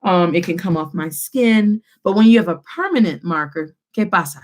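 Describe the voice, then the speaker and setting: A young adult woman teaching a live online Spanish lesson, lively and switching between English and Spanish as she drills repetition. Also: on the low side, normal speed.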